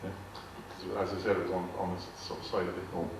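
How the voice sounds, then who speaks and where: A deep, gravelly male voice delivers rambling anecdotes fast and flat to a live audience; the older guest speaker frequently repeats words and acts out quoted dialogue. The recording comes from a large, echoey arts hall via a distant mic, with faint noise and audience laughter.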